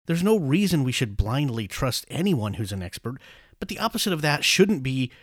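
A man's voice: mid-range voice, very animated, moderate pace, no echo, studio quality. Blunt, swearing man hosting a podcast. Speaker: podcast host. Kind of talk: opinionated monologue then casual banter.

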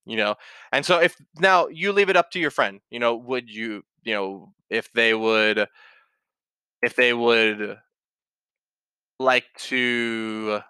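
A man talks through listener problems in a loose, rambling way, restarting his sentences and giving blunt, direct advice. His voice is bright and clear. The sound is dry and close. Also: mid-range voice, moderate pace, dry recording. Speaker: advice show host reading listener posts. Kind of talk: casual advice chat.

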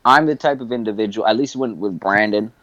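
On a podcast, a young male co-host spins a rambling, foul-mouthed yarn full of laughter and impersonated voices. His voice sits fairly low, with a brisk pace and sharp tone. The sound is dry, dull and lo-fi.

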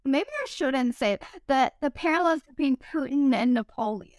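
Woman, podcast host, casual chat, filler-heavy, higher pitch, clean dry mic. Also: expressive, no room sound. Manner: chatty, many "like" fillers, quick asides and self-disclaimers.

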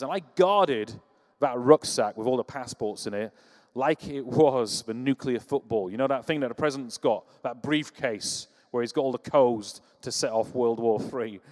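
Guy preaching, jokey storytelling sermon, big church echo. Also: mid-range voice. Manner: lively storytelling with humor.

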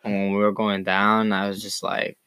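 A man's voice: fairly low pitch, monotone, normal speed, pushed and bright, smooth, no room sound. A man in his twenties co-hosting a podcast in casual chat, laid-back and slangy, often laughing. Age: 20s. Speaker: podcast co-host.

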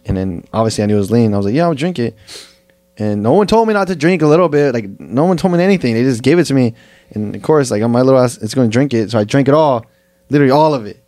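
A man's voice: medium pitch, animated, racing, warm tone, no room sound. A young man co-hosting a podcast, telling a story in casual, profane slang. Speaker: podcast co-host. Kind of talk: casual chat.

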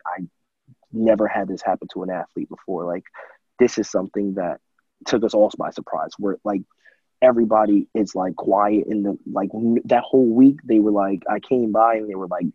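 A young American man in his twenties, once a college football player, tells a story in an interview, speaking a little fast in a lowish, breathy voice. The audio is narrow and tinny with no echo. He's an animated storyteller, using lots of fillers and acting out quotes.

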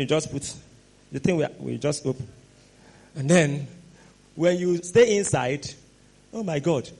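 A man preaching a sermon, animated and exclamatory, sometimes rising to shouts. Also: high-pitched, slightly rough.

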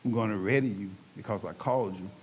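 A man voicing God as a calm, commanding male voice in a retold testimony. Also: on the low side, fast talker, pitched below the performer's own voice, lightly acted. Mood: solemn. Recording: dull lo-fi recording.

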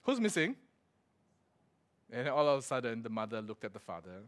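A man's voice: mid-range voice, very animated, normal speed, long pauses. A male pastor, preaching a sermon full of stories, laughing as he acts out quotes. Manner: storytelling with laughs and acted-out quotes.

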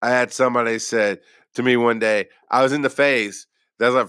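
Bright-voiced man telling his own story. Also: medium pitch, fairly even intonation, a little fast, smooth, dry recording, studio quality. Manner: rambling and self-deprecating, with many restarts. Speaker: former paramedic. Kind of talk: casual personal storytelling.

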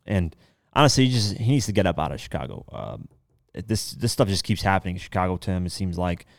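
A man's voice: low-pitched, lively intonation, quick pace, gravelly, dry recording, clean studio sound. A man hosting a podcast alone, talking loosely and rambling, with casual swearing. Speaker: podcast host. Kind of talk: casual solo commentary.

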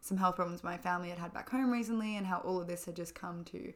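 A woman's voice: on the low side, quick pace. A young woman chatting as a podcast co-host, telling a story with lots of fillers. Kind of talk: casual chat.

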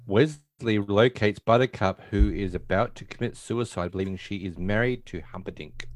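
A man's voice: fairly low pitch, normal speed. A man podcast host chiming in and joking during a casual movie recap. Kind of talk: casual film recap chat.

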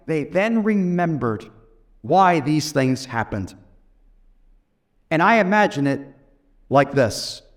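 A male pastor with a high voice preaching a sermon. He retells scripture as vivid, dramatic stories and acts out the characters as he goes.

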